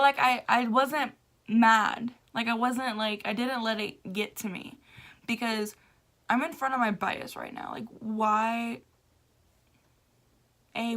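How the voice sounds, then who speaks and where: A young woman vlogger with a fairly high voice casually tells a story to the camera. She gushes excitedly, laughing and cutting herself off mid-sentence.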